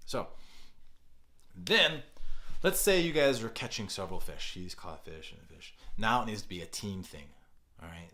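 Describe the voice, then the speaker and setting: On a podcast, a middle-aged kids pastor hands out parenting advice with exaggerated, high-energy delivery. His voice is on the low side.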